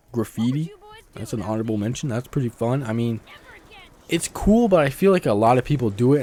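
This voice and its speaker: A man's voice: on the low side, darkish tone, slight background noise. Profane rambling young man vlogger. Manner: slangy and profane, rambling, laughs often. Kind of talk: casual rambling monologue. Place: outdoors near a road.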